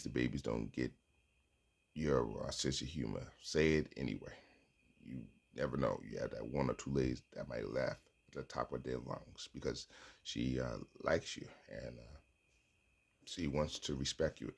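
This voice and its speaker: A man with a gravelly voice talks through a motivational pep talk and often repeats his own phrases. His voice sits extremely low, with plenty of creak. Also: darkish tone. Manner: coaching, repeating phrases, acting out sample lines. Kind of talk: motivational self-talk monologue.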